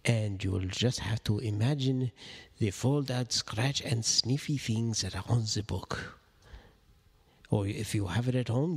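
A man reading a children's board book aloud with theatrical gasps, sudden whispers and wry deadpan asides. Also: mid-range voice, gravelly, breathy edge, in a large hall. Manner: theatrical, gasping, dropping to whispers and making animal noises. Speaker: reader of children's books. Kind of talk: playful read-aloud of a baby's board book.

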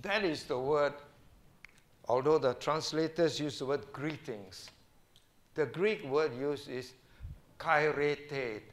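Slow, emphatic pastor man. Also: on the high side. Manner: slow, emphatic preaching, reads scripture aloud. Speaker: senior pastor. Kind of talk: sermon.

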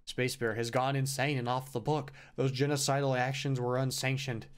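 A man's voice: medium pitch, little pitch movement, moderate pace, smooth, close to an everyday voice. A man voicing a scheming, vain bear president from a video game, reading the dialogue aloud in a mock-serious tone. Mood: stern.

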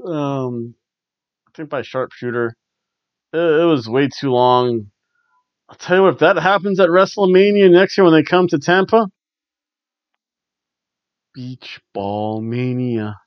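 A man's voice: on the high side, normal speed, no echo. A man hosting a casual wrestling review podcast, rambling wryly and chuckling often. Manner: rambling and wry, with frequent chuckles. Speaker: podcast host. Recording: dull lo-fi dry recording.

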